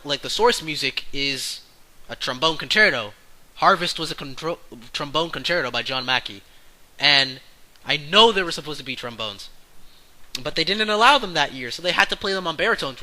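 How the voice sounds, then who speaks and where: A man's voice: moderate pace, rough recording. A man talking casually to his camera, giving a blunt, slang-heavy opinion rant full of swearing. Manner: loud and excited early, calmer and lower later. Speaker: vlogger.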